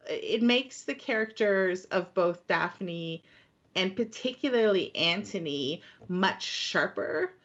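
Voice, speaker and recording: Thoughtful woman on a dull lo-fi mic. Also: lowish voice. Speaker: podcast co-host. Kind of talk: casual chat.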